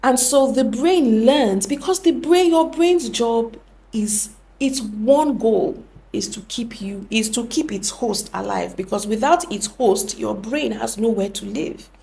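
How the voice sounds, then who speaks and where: A woman's voice: a little high, vocal fry, a little mellow. A young woman hosting a podcast, explaining things earnestly and often correcting herself mid-sentence. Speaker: podcast host. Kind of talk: reflective podcast talk.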